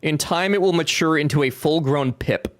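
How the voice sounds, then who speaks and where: A man's voice: on the high side, normal speed. A young man chatting casually with his live-stream chat while playing a game, joking and talking back to viewers.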